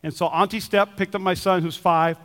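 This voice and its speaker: A man with a very high-pitched voice preaches a sermon as pastor, animated and lively. He slips into other people's voices when he quotes them. His voice rings with the long reverb of a big church hall. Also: a little fast. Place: church auditorium.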